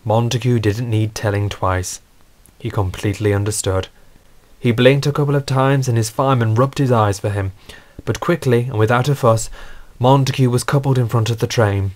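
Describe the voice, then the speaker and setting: A man narrating a scripted storybook in a steady, earnest way. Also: mid-range voice, normal speed.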